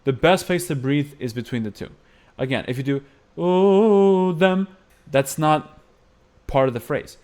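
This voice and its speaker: A man's voice: mid-range voice, moderate pace. A man teaching Byzantine-style chant phrasing, explaining patiently and singing short phrases to demonstrate. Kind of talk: music lesson with sung demonstrations.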